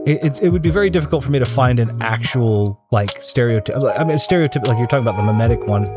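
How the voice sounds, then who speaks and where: A man's voice: medium pitch, fast. A man hosting a live stream in casual chat, rambling and hesitant, often restarting and correcting himself. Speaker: streamer host. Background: background music.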